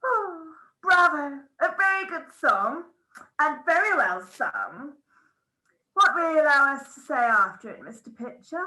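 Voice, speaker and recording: A woman's voice: sits high, expressive, measured pace, sharp tone, full character voice, rough recording. A woman reading the part of a flustered young housemaid who fusses in a breathless way. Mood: cheerful. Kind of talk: script read-through.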